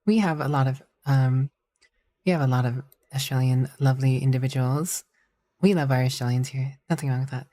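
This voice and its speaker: A woman's voice: very deep voice, brisk, mellow. A woman streamer chatting casually and rambling, with a giggly manner. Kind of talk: casual live-stream chat.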